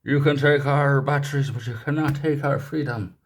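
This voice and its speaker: A man's voice: mid-range voice, steady tone, moderate pace, a little hiss or hum, pitched above the performer's own voice, natural voice. A man putting on a bad accent to play a rousing warrior, bellowing a battle cry from back away from the mic. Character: rousing male freedom-shouting warrior, over the top.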